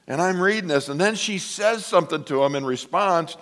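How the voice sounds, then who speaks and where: A man preaching a sermon to his congregation, telling a story with lively asides and acting out the voices of the people in it. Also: high-pitched, a little fast. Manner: animated storytelling, acts out quoted voices. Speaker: pastor.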